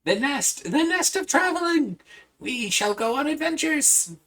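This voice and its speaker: A tiny creature thrilled about adventure squeals its lines in a high, bouncing voice, as a man puts it on. Each word is pitched way up with glee. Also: sing-song, a little slow, sharp tone, far from the mic, exaggerated voice. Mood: excited. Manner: squealing and gleeful. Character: excitable little creature, delighted to travel.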